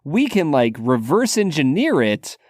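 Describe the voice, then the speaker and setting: A man co-hosting a podcast, telling stories in a relaxed casual way. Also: on the high side, a little slow, no echo, clean studio sound. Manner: relaxed storyteller, many "like" fillers. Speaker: podcast co-host.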